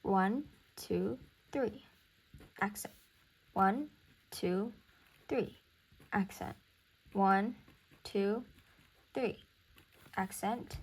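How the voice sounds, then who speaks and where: Slow, relaxed young woman tutor. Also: mid-range voice, husky. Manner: relaxed, thinking aloud, counting beats slowly. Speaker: music theory tutor. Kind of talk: casual recorded lesson.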